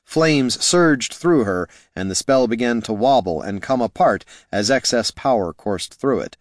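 A man reading fantasy fiction aloud in a steady, measured storytelling voice. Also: mid-range voice, dry recording, clean studio sound. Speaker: audiobook narrator. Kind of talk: scripted fantasy narration.

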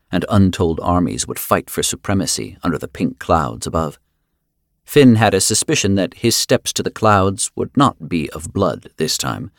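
A man narrating a fantasy story in a dramatic, expressive way. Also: deep voice, no room sound, studio quality. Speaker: audiobook narrator. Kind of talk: scripted narration.

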